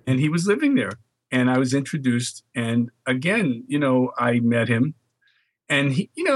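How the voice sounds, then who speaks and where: An older man from the Bronx, telling animated stories as an interview guest. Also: medium pitch, moderate pace, no room sound. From New York, Bronx. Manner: animated anecdotes with quoted dialogue. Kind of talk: storytelling interview.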